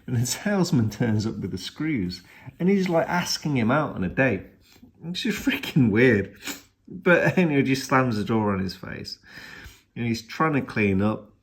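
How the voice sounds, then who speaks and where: A man's voice: mid-range voice, big pitch swings, normal speed. A man and father giving a casual, rambling film review, retelling the plot with many restarts and fillers.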